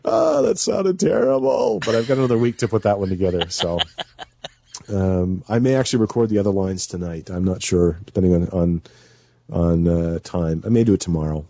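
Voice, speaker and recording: A man's voice: low-pitched, a little fast, mellow, no room sound, lo-fi sound. A man chatting as a guest on a radio show, nervous and rambling with many fillers and restarts. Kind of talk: casual chat.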